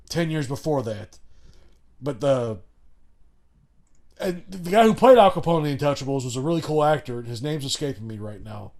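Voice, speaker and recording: A man from Chicago with a fairly high voice rambles through a podcast over a remote call, swearing freely and circling back on himself. His talk is loose and full of restarts and asides. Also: darkish tone. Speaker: podcast co-host. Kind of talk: casual chat.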